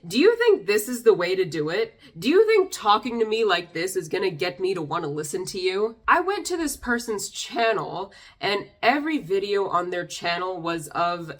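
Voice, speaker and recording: A woman's voice: medium pitch, very animated, normal speed, few pauses. A young woman vlogger reacting to comments in a sarcastic, exasperated way, a little tipsy. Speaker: YouTuber reading comments. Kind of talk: casual commentary.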